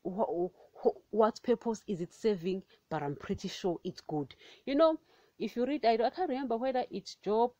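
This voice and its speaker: A woman's voice: mid-range voice, warm tone, no echo, lo-fi sound. A woman hosting a Christian podcast, preaching with fervent emphasis and calling her listeners "guys".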